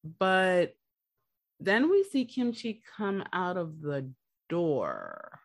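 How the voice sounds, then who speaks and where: Her pitch fairly low and her pace very slow, a woman co-hosts a podcast in studio-quality audio with no room sound. She recaps a drama series through casual, animated storytelling, acting out the quotes.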